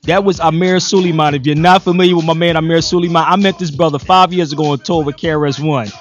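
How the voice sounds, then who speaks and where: A man's voice: fairly high pitch, steady tone, quick pace. A man hosting an internet talk radio show, chatting casually and enthusiastically with loose slang. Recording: dull lo-fi internet radio stream.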